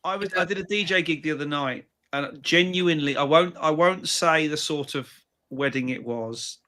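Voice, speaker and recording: A man's voice: fairly high pitch, normal speed, pushed and bright. A man co-hosting a live audio Q&A, telling blunt anecdotes in casual chat. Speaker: co-host.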